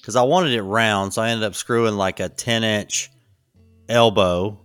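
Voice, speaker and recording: A man's voice: on the low side, fairly even intonation, unhurried, fairly bright tone, clean tone, dry recording, faint music behind. A man who is a podcast guest, explaining things in a loose, rambling way and restarting his sentences often. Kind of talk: casual conversation.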